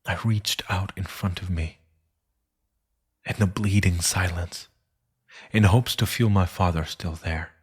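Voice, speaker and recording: A man narrating a dark thriller story in a solemn, hushed manner that often sinks to a whisper. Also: low-pitched, measured pace, pauses often, slightly rough.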